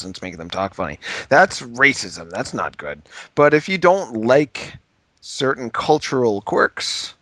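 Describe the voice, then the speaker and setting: A man's voice: medium pitch, bright, forceful tone, no echo. A man co-hosting a podcast in casual comedic chat, telling stories with animation. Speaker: podcast co-host.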